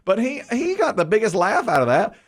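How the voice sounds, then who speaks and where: A man's voice: sits high, a little fast. A man co-hosting a morning radio show, telling a story in casual chat and acting out the voices of the people in it. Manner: animated storyteller, acts out the voices of his son and himself, laughs often.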